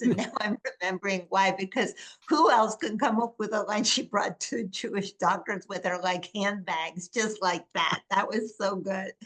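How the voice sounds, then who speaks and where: A woman interviewing a guest, amused and quick to laugh. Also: medium pitch, fairly bright tone, rough recording. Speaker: interviewer, author. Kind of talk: interview conversation.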